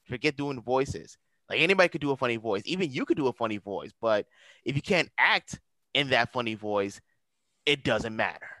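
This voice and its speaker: A man's voice: medium pitch, lively intonation, fairly quick, sharp tone, dry recording, low-quality recording. A man, a guest voice actor in a casual interview, talking earnestly and giving emphatic advice.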